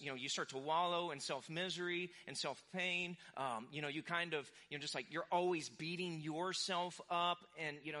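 A young adult man preaching a sermon, talking casually and acting out quoted voices as he tells the story. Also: a little high. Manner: animated, acts out quoted voices. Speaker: pastor.

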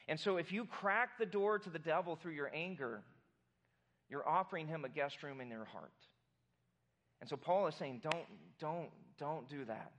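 A man's voice: a little high, fairly bright tone. A man preaching a sermon to his congregation, conversational and joking with the room. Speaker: pastor.

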